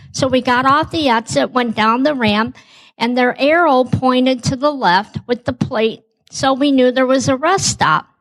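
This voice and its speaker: Woman telling a lively true story. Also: fairly high pitch, low-quality recording. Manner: acts out dialogue, says "I go" often. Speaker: guest storyteller. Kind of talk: animated personal story.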